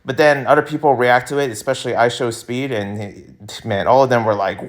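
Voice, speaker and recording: A young man hosting a casual commentary vlog, rambling and laughing, with sudden jumps in pitch. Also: normal speed, few pauses. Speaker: YouTuber host.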